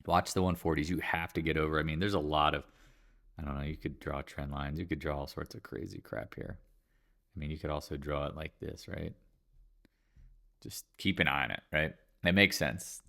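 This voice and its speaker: Low gravelly man, off-the-cuff trading commentator, joking asides. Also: a bit bright. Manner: rambling, offhand and joking, quick asides. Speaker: market commentator. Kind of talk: casual market chart review.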